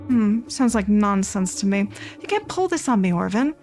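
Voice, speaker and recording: A woman voicing a gentle, doting old grandmother on the phone, speaking slowly and soothingly. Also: medium pitch, big pitch swings, soft background music. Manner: slow, soothing and affectionate.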